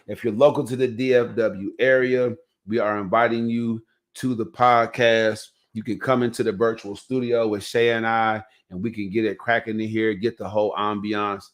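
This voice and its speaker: Male podcast host, low voice, loose storytelling delivery, easygoing chat. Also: flat delivery, moderate pace. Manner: loose, storytelling, heavy on "you know what I'm saying".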